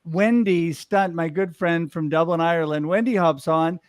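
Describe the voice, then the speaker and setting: A man's voice: on the high side, moderate pace, no room sound, clean studio sound. A middle-aged man hosting a casual panel chat over a video call, upbeat and telling stories about himself with self-deprecating humor. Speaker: host.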